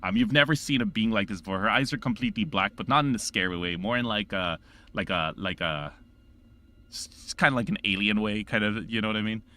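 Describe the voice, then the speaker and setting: A man narrating a tabletop game as game master, rambling and halting with many restarts. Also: on the low side, bright, forceful tone.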